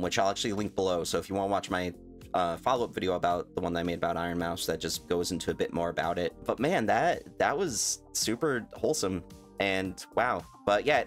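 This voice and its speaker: A young man vlogging his reaction in a rambling, stuttering way, laughing at himself. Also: deep voice. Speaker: YouTuber reacting to a clip. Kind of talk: casual reaction vlog.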